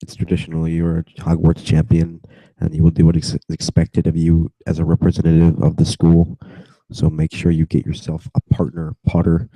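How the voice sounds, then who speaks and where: A young man getting over a cold reads a novel aloud to strangers on video chat, his low voice gravelly and dark. He reads flatly, wanders off into giggling asides and comes back to the page. The sound is dry and close on a laptop mic. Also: a little fast, no echo, poor audio. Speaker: reader.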